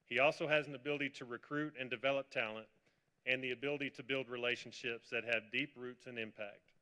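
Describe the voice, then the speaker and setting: Bright-voiced man giving formal introduction. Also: mid-range voice, steady tone, smooth. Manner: measured, formal. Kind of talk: formal press conference introduction. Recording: long hall reverb.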